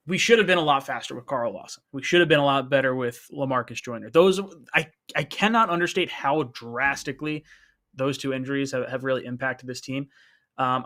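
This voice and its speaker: Animated man hosting a fan live stream. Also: medium pitch. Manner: animated, rambling, many restarts and "like". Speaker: host of a fan call-in stream. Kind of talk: casual live-stream commentary.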